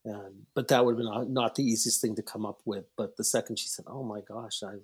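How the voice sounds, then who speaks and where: Breathy male psychologist telling stories. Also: on the low side, quick pace. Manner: rambling, animated storyteller who acts out quotes. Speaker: psychologist and author, podcast guest. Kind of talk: storytelling in a casual interview.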